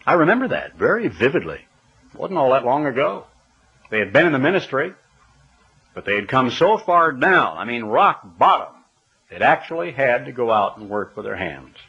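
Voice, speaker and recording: Guy preaching a sermon, bright voice, bit husky, muffled lo-fi tape. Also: mid-range voice, big pitch swings, normal speed. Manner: emphatic, rhetorical questions, spells out words.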